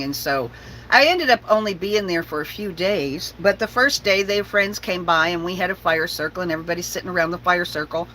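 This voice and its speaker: A woman vlogger in a casual storytelling chat, animated and laughing as she goes. Her voice is bright and forward, and a faint hiss sits under it. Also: lowish voice, poor audio. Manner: animated, laughs often, talks to her dog. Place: her bus home.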